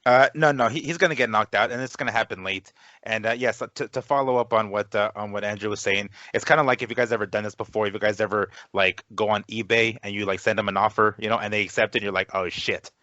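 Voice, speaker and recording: A man's voice: lowish voice, steady tone, quick pace, pushed and bright, dry recording. A man co-hosting a casual sports podcast, rambling with fillers and restarts, heard over a slightly muffled, dry online call. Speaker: podcast co-host.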